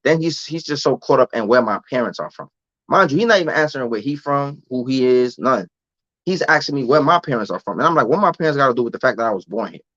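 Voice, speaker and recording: A man's voice: mid-range voice, lively intonation, fast talker, a bit bright, dry recording. A young American man in a casual live-stream rant, talking loose street slang and repeating himself. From United States. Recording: dull lo-fi dry sound.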